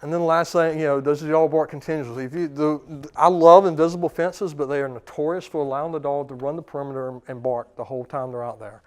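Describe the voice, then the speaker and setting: A man's voice: fairly high pitch, fairly even intonation. A man in his thirties, a dog trainer, giving a seminar talk and acting out commands and dogs' thoughts. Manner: forceful, acts out commands and dog thoughts in quick voices.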